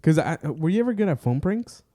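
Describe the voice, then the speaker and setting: A man's voice: a little high, sing-song, brisk, dark tone, no echo, studio quality. A man co-hosting a podcast in casual chat, laid-back, laughing easily and swearing casually. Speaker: podcast co-host.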